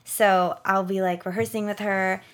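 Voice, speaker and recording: A woman's voice: mid-range voice, level tone, moderate pace. A young woman chatting casually as an interview guest, filling her talk with "like" and acting out what she said. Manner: chatty, peppered with "like", acts out quotes. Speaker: guest, performer.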